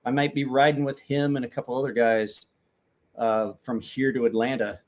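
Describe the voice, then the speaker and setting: A man's voice: medium pitch, little pitch movement, normal speed, darkish tone. A man casually chatting with viewers on a livestream, joking, rambling and swearing freely. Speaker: livestream host.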